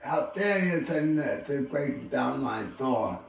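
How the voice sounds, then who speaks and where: Man doing a growling, gruff Hagrid. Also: medium pitch, expressive, takes it slowly, far from the mic, voice pushed up, full character voice. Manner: loud, growling, grumbling. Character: gruff hulking male gamekeeper, grumpy and loud. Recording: very echoey room, voice off-mic, faint music.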